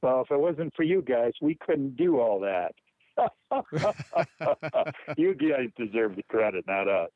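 A man from Michigan calling in to read a poem, speaking slowly and deliberately. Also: medium pitch, animated, dry recording. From Michigan, USA. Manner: slow, deliberate delivery. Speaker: caller reading a poem. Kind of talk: slow poetry reading and casual chat. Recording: thin phone-like call line.

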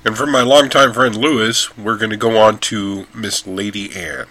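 A man's voice: lowish voice, little pitch movement, normal speed, sharp tone, a little hiss or hum, rough recording. A man hosting a live call-in show, easygoing and encouraging toward callers. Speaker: host.

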